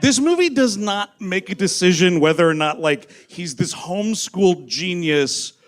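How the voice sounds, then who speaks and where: A man with a high voice, co-hosting a live comedy podcast. He talks in loose, profane banter and acts out scenes from the film as he goes. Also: lively intonation, normal speed. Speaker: podcast co-host.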